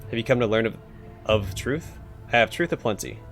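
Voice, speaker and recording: A man voicing a talking skull of a wizard-assassin, with a deep, jocular, scornful delivery. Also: animated, fairly quick, a bit bright, soft background music, natural voice.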